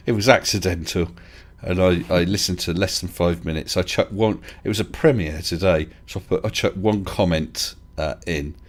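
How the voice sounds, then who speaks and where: A man's voice: low-pitched, steady tone, moderate pace. A man hosting a casual live stream chat, talking in a hesitant, chatty way with restarts and chuckles. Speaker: livestream host.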